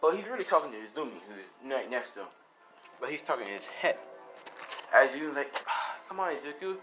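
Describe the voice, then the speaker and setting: A man's voice: mid-range voice, sing-song, fast, pushed and bright, faint music behind, low-quality recording. Rambling casual male storyteller. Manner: rambling, loose, with swearing. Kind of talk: casual improvised story narration.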